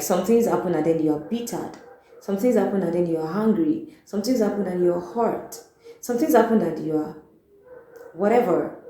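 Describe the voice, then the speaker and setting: Low-voiced Nigerian woman in an echoey room. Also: a little mellow. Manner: earnest, repeats key phrases. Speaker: vlogger. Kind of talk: motivational talk to camera.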